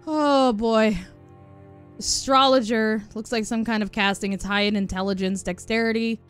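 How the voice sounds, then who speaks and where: A woman streaming a video game live, excitable and giggly as she thinks aloud. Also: a little high, normal speed, smooth. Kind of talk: live gaming stream chat. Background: game music.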